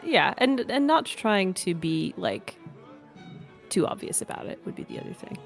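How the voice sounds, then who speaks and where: A woman's voice: mid-range voice, very animated, moderate pace, creaky, faint music behind. A woman playing in a tabletop game, playful and chatty as she describes her character. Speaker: player.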